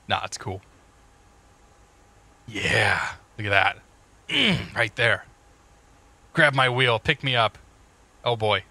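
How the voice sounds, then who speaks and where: A man's voice: on the low side, sharp tone. A man casually talking through cockpit checklists on a live stream, joking and greeting chat viewers as he goes. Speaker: flight sim streamer.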